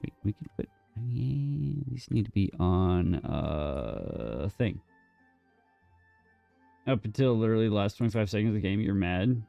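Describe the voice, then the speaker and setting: A man's voice: lowish voice, big pitch swings, unhurried, gravelly, mellow, no room sound, dull audio, soft background music. A man streaming a game, casually bantering with his chat and teasing them in a mock-defensive way, with some casual swearing. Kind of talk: casual live gameplay chat.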